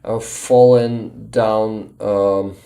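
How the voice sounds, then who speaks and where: A man with a Ukrainian accent chatting casually on a livestream, exhausted and halting, often restarting words. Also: lowish voice, steady tone, gravelly, warm tone. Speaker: livestream host.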